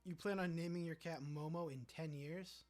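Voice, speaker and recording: A man with a somewhat high voice hosts a relaxed livestream, reading and answering viewer comments. His nose is stuffy and he sniffles as he talks. He sits close to a desk mic. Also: moderate pace. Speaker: livestream host. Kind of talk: casual livestream chat with viewers.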